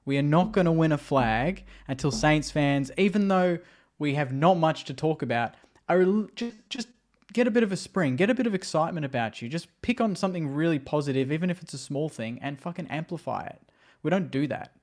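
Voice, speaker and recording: A man's voice: a little high, expressive, brisk, a little mellow. A man speaking as a podcast guest in casual chat, earnest and peppering his talk with "like.". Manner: chatty, lots of "like" fillers, earnest.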